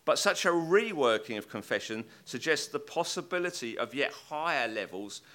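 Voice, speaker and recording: A man's voice: medium pitch, sing-song, normal speed, pushed and bright. A man giving a Bible teaching talk with slides, thoughtful and hesitant, with many restarts, and reading scripture aloud with rising emphasis. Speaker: preacher.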